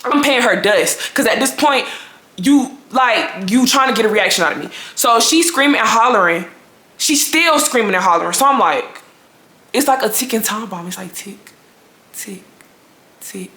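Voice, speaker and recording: Bright-voiced young woman telling a storytime. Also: fairly high pitch, normal speed. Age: 20s. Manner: animated, fussing, talks straight to viewers. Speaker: vlogger. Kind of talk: casual storytime. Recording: echoey room.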